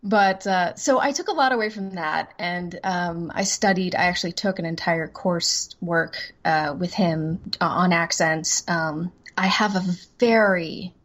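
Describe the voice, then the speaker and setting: A woman's voice: fairly low pitch, a little slow, hardly any pauses, fairly bright tone. Woman, voice actress, interview guest, chatty, self-deprecating, laughs easily. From Southern United States. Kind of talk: casual interview chat.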